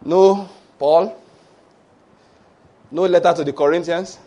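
A man with a Nigerian English accent preaching a sermon, telling stories, acting out voices and breaking into shouted mock prayers. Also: a little high, fairly even intonation, takes it slowly. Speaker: pastor.

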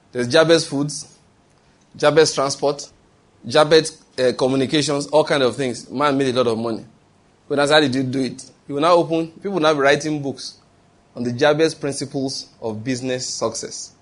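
A man preaching a sermon, emphatic, posing questions to the congregation and answering them himself. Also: medium pitch.

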